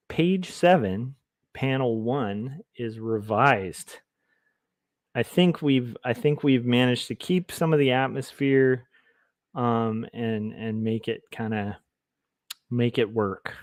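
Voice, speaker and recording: A man's voice: medium pitch, no echo. A man streaming while he draws comics, chatting casually, reading chat aloud and rambling in a goofy, self-deprecating way. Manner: goofy, rambling, reads chat aloud, tries silly voices. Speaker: comic artist livestreamer.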